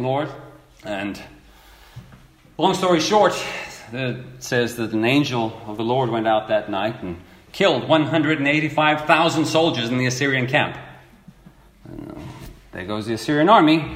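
A man preaching a sermon, reading scripture aloud and acting out the people in the story with lively repetition. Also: mid-range voice, echoey room. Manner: animated, acts out quoted speakers, repeats words.

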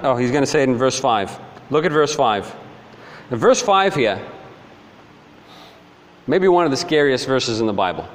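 A man preaching a sermon, sometimes mimicking complainers in a high voice, then dropping low and stern. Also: in a large hall.

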